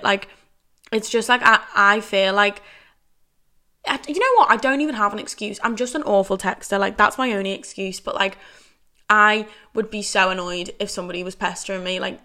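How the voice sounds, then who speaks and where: A young woman with a mid-range, sharp-toned voice hosts a casual solo podcast. She rambles chattily and packs "like" into nearly every sentence.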